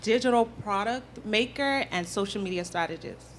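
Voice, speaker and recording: A woman's voice: mid-range voice, moderate pace, a little hiss or hum. A woman from Miami introducing herself on a podcast panel, chatty and upbeat. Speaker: guest, content creator. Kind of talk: casual panel chat.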